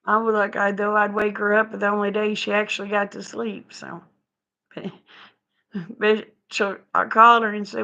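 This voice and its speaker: A middle-aged woman chatting with her viewers on a live stream from home, folksy and quick to laugh. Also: mid-range voice, flat delivery, gravelly, sharp tone, muffled recording. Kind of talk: casual chat with viewers. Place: home, indoors.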